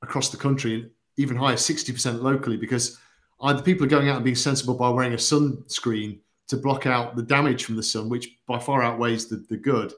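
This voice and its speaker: A man's voice: medium pitch, steady tone, fast talker, fairly bright tone. A man, explaining supplements on a company livestream in an earnest, methodical way with occasional fillers. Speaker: product expert on a company livestream. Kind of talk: casual livestream chat.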